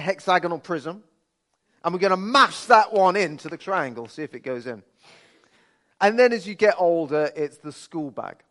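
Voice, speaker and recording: Male preacher at a church service, a touch high-pitched, conversational and earnest with light humor. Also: a bit bright. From Birmingham, England. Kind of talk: sermon. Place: church service, streamed online.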